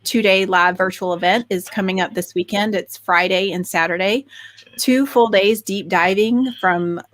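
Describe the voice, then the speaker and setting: An enthusiastic woman co-hosting a casual podcast, her voice pitched at a middling level. She restarts her sentences often and leans on fillers, and the recording is close and dry with no room sound. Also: normal speed, fairly bright tone, dry recording. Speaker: podcast co-host.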